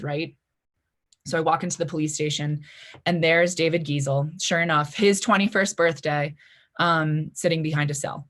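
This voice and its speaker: A woman's voice: sits low, fairly bright tone. A woman in her twenties telling a personal story at a live story slam, chatty, with lots of "like" and "you know" fillers. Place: library event stage before an audience.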